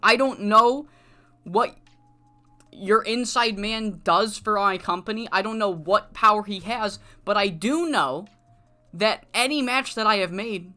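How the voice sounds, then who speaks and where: A woman's voice: medium pitch, a little slow, bright, forceful tone, soft background music. A woman voicing a blunt male wrestling promoter who sounds exasperated and curses while telling a game story. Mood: firm.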